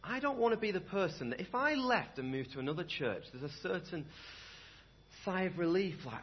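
A young man preaching a sermon in a church, conversational and animated, often asking the room rhetorical questions. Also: a little high, brisk, highs cut off, slight background noise. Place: church hall.

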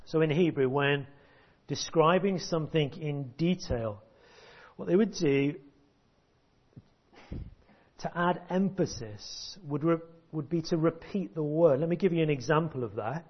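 A man preaching a sermon, emphatic and deliberate, with long pauses, repeated words and sudden hushed drops. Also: on the high side, slightly rough. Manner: drops to a hush at key points. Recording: dull lo-fi recording.

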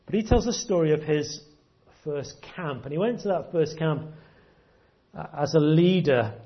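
A man's voice: fairly high pitch, lively intonation, measured pace, dull audio. A man preaching a sermon, earnest, often repeating words as he stresses a point.

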